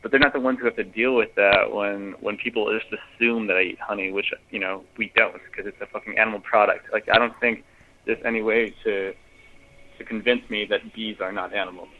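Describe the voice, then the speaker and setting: This voicemail caller, speaking a little fast in a lowish, steady voice, rants casually and profanely into a phone message. He hesitates a lot, with many fillers and restarts, and the call comes through a phone line.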